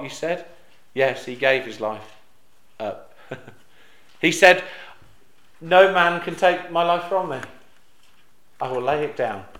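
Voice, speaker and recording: A man preaching a sermon. He drops soft on reflective lines, hesitates with fillers and restarts, and rises to loud, emphatic peaks on quoted cries. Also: mid-range voice, echoey room.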